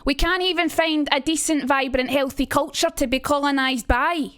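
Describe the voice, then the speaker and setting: A woman putting on an Edinburgh accent to play a bitter, swearing Scottish man, gruff and harsh. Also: sits high, normal speed, fairly bright tone, no room sound, clean studio sound.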